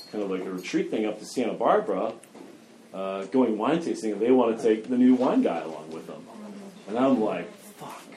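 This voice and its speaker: A man's voice: on the low side, warm tone, a little hiss or hum. A man candidly telling a story from his own life in a loose, conversational way, with self-mocking humor and lots of filler words. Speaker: person sharing his recovery story.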